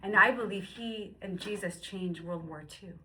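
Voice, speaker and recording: A woman in her fifties telling her personal faith story, moving between hushed, whispered passages and excited, high-pitched bursts. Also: normal speed, a little hiss or hum, poor audio. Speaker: guest sharing testimony. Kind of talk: emotional personal testimony.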